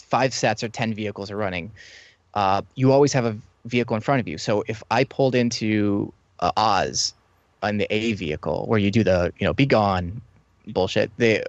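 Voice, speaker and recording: A man's voice: fairly low pitch, normal speed, no echo, dull audio. A man telling stories about his years as a theme ride tour guide in a casual chat, rambling and acting out the lines he used to say to guests. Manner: rambling storyteller who acts out what he said to guests.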